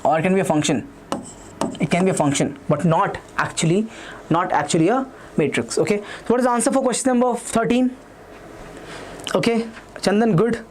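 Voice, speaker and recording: Leading a live online maths revision lesson, a young man with an Indian English accent talks rapidly and repeats himself while reading students' chat messages aloud. His voice is high, and there's a little hiss or hum in the recording.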